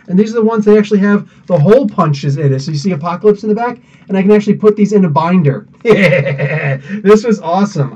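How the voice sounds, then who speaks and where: Man, casual rambling host, slightly high-pitched, muffled distant mic. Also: mellow, husky. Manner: chatty, rambling, greets viewers by name. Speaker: podcast host. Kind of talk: casual live chat. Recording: dull sound, mic somewhat distant.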